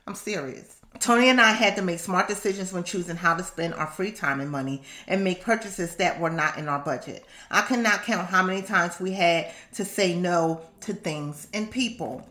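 A woman reading from her own book on a podcast, assertive and animated, breaking off into laughing asides. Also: fairly low pitch, normal speed, few pauses, roomy sound. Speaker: author and podcast host.

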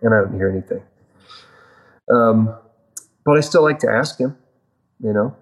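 A man as a podcast guest, earnestly retelling his conversations with God in a loose, animated way with fillers and restarts. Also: on the low side, moderate pace, low-quality recording. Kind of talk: storytelling in a podcast interview.

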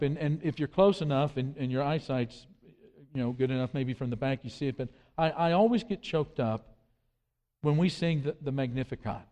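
A man's voice: medium pitch, moderate pace, mellow. A man preaching a sermon with earnest emphasis, quoting scripture and often repeating his words. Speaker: pastor. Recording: long hall reverb.

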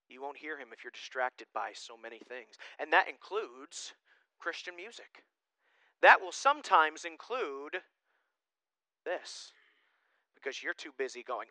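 A male pastor preaching a sermon in a casual, animated way, swinging from loud emphasis to hushed asides. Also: sits high, a little slow, pauses often, no room sound, rough recording.

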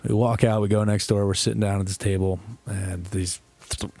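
A young man with a lowish voice spins a long, swearing-laced story on a casual podcast. He rambles and restarts, then slips into the voices of the people in his story. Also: little pitch movement, a little fast, a little mellow, no room sound. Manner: profane, rambling storyteller who acts out quotes. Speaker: podcast co-host.

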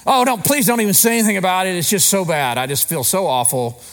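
A man's voice: high-pitched, normal speed, voice pushed up. A man voicing a melodramatic, self-pitying person who moans about how awful he is. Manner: melodramatic, moaning. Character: whiny self-pitying man wallowing in guilt.

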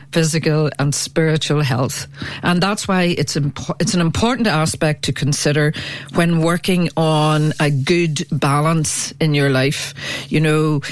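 A woman's voice: sits low, no echo. A woman mindset coach speaks as a guest in a radio studio. The sound is dry, with no room around her. She is upbeat and puts teasing questions to the host before giving advice. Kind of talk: casual radio chat turning to advice.

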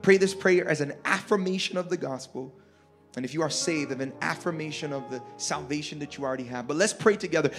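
A man with a high voice preaches in a large church auditorium, fervent and repetitive, rising into shouts as he leads the room. Soft music plays faintly under him. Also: fast talker. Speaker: pastor. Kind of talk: altar call and sermon closing.

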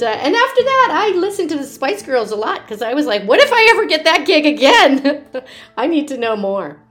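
Animated woman telling party stories. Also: medium pitch. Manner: animated, laughs often, acts out voices. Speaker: children's party performer. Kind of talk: casual personal storytelling.

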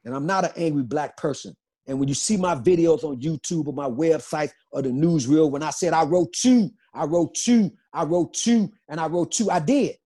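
Husky-voiced man, emphatic and insistent. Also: on the high side, moderate pace, dark tone. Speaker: interview guest. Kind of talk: emotional interview testimony.

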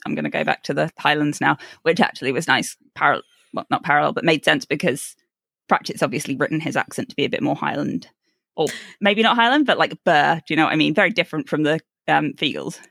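A chatty woman co-hosting a book podcast, her voice carrying a gravelly rasp. She laughs easily and drifts into animated asides. The sound is close and dry, with no room behind it. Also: deep voice, fast, no echo. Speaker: podcast co-host. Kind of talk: casual book discussion.

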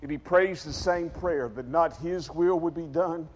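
A man preaching a sermon as dramatic storytelling, acting out scenes in character voices and swinging from shouts to quiet. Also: a little high, unhurried. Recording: long hall reverb.

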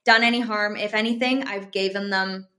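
A woman's voice: medium pitch, fairly even intonation, normal speed, bright, forceful tone. A woman co-hosting a business podcast, speaking candidly and emphatically. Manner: candid and emphatic, frank opinions. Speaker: podcast co-host. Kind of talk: casual podcast conversation.

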